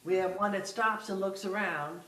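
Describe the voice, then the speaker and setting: A woman's voice: mid-range voice, fairly even intonation, normal speed, a bit bright, recorded from a distance. Patient woman music teacher, roomy sound. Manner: patient, gives step-by-step instructions. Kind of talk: masterclass coaching.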